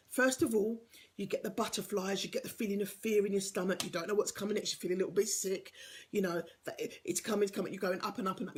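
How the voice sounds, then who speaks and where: A woman's voice: medium pitch, slightly rough. A woman giving an earnest, encouraging motivational talk as a life coach, sometimes dropping to a whisper for emphasis.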